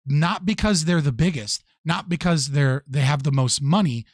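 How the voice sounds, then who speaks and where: A man's voice: fairly high pitch, normal speed, no echo. Blunt, profane man on a dry mic. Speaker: streamer reacting to a debate clip. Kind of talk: casual live commentary.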